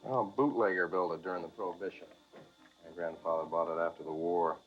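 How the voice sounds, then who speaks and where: An actor playing a polite, guarded young politician who speaks in measured tones, in dull film audio. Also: male voice, low-pitched, steady tone, faint music behind, close to an everyday voice.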